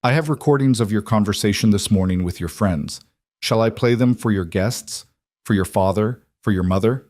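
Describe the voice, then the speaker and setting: Guy reading a calm mafia boss, deep low voice, steady, dry close sound. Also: no echo, lightly acted. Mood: calm authority. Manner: calm, measured authority. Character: commanding middle-aged mafia boss, calm and protective.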